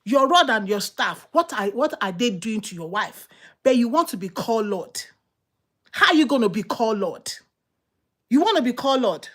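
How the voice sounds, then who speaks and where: A woman preaching a sermon, fired up and emphatic, firing off repeated rhetorical questions. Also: fairly high pitch.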